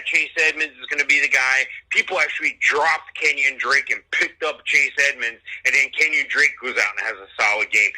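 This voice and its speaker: A man with a mid-pitched, very sharp and tense voice hosts a fantasy football radio segment. He goes steadily through player rankings and picks. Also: poor audio. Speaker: host.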